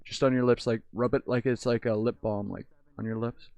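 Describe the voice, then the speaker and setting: A man chatting with strangers in a VR game, crude and teasing, swinging from mumbles to shrill giggles and shouts. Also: steady tone, a little fast, gravelly, no echo. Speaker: VR streamer. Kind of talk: casual VR chat with strangers.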